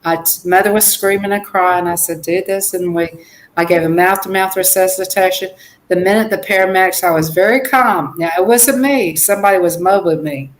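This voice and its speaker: An older woman co-hosting a family livestream, telling a personal story slowly and emphatically. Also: fairly low pitch, rough recording. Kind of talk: casual storytelling.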